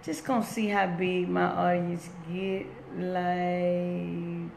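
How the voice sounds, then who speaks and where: A woman with a fairly low, darkish voice talks slowly with vocal fry and little pitch movement. She's an inspirational speaker live streaming by phone from work, loose and conversational, breaking off to welcome viewers. Faint background noise fills an echoey room.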